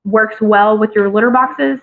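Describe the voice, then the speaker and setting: A woman's voice: medium pitch, steady tone, a little slow. A woman moderates a training call, reading out questions from her team. She hesitates often and uses a lot of fillers. Her voice comes through a thin, phone-like line.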